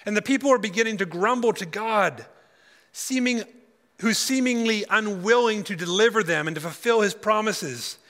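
Man, guest preacher, high voice, reads scripture with pauses, conference hall. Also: fairly bright tone. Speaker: guest speaker. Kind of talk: sermon.

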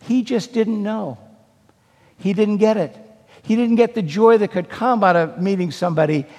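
An older male pastor delivers a sermon with dramatic storytelling, his voice high for a man and gravelly at the edges. He swings from forceful passages to hushed ones, and a long reverb trails his words through the hall. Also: normal speed.

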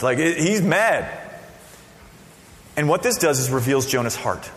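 A man preaching a sermon as a pastor, casual and conversational, with sudden loud bursts. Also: on the high side, sing-song, measured pace, pauses often. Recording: long reverb of a hall.

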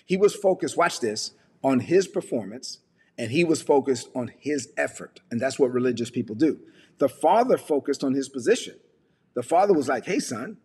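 A man preaching a sermon, retelling a parable with lively storytelling and acted-out voices. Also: mid-range voice, moderate pace, slightly rough, long reverb tail. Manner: animated storytelling, acting out characters. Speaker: pastor.

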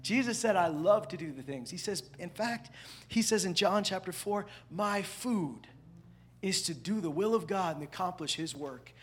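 A man preaching a sermon, animated, swinging between loud emphatic lines and hushed asides. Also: high voice, moderate pace, slight background noise. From parents from the American South. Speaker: pastor.

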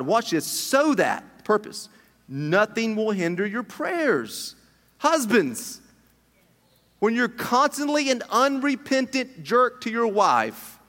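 A middle-aged man preaching a sermon as pastor, animated and jokey, with many restarts. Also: on the high side. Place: church hall. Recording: long hall reverb.

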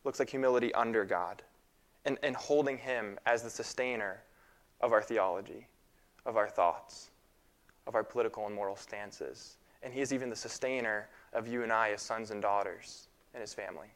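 A young man in his twenties preaching a sermon in a casual, halting way, with fillers and repeated phrases. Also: lowish voice, fairly bright tone.

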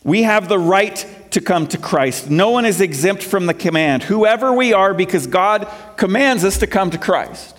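A man's voice: sits high, lively intonation, moderate pace, few pauses. A male pastor preaching a sermon, quoting scripture and asking the congregation questions as his emphasis rises and falls.

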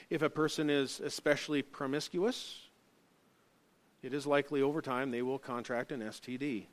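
A middle-aged man preaching a sermon as pastor, swinging between loud emphatic stresses and quiet, low asides. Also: fairly even intonation, moderate pace.

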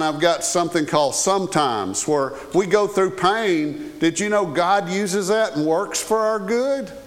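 A man's voice: high voice, a bit bright. A male pastor preaching a sermon in a conversational way, often checking in with the congregation by asking "okay?". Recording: long hall reverb.

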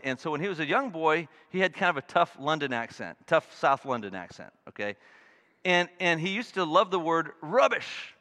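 A middle-aged male pastor preaching a sermon, earnest, shifting from loud emphasis to quiet asides. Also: fairly high pitch. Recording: long reverb of a large hall.

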